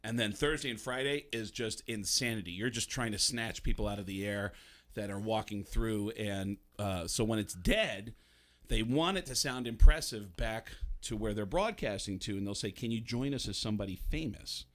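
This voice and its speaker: A man from the Bronx, a comedian and voice actor, telling stories as a radio guest in a lively way, slipping into voices. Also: on the low side, normal speed. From the Bronx, New York. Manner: animated storyteller, slips into voices. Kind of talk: casual radio interview storytelling.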